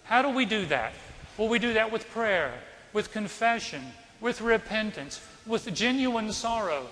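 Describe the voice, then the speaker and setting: A man's voice: sits high, animated, a little slow, fairly bright tone. A man from North Carolina, a priest, preaching a sermon in a church and telling a personal story in a conversational way, asking the congregation questions. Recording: reverberant church hall.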